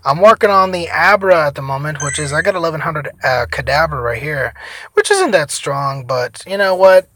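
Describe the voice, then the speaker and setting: A tired young man giving casual, profane gameplay commentary, rambling between loud outbursts and mumbled asides. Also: fairly high pitch, expressive, moderate pace, a little hiss or hum. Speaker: gaming vlogger.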